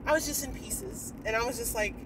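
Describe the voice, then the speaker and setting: A woman's voice: on the high side, brisk, far from the mic, noisy background. A woman talking candidly in a personal vlog, rambling and emotional, with frequent sighs and fillers. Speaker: vlogger.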